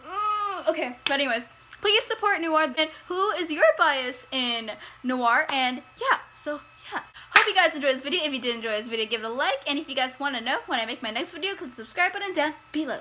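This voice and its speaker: A woman's voice: high-pitched, animated, a little fast, bright, forceful tone, a little hiss or hum, poor audio. A young woman hosting a music video reaction, gushing, squealing and laughing as she watches. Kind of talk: excitable reaction commentary. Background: faint music from the video being watched.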